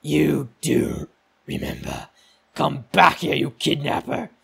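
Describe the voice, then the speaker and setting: A man voicing a menacing male stranger who accuses and chases, in a rough gravelly voice. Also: fairly high pitch, huge pitch swings, takes it slowly, heavily acted. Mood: accusing. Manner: accusing, relentless.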